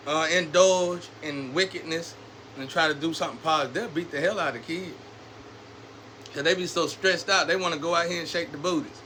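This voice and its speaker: A man with a high, bright voice rants at his camera in street slang, animated and preachy, drifting between scolding and recounting his own story in a casual, rambling monologue. A faint hum of ambient noise sits in the background.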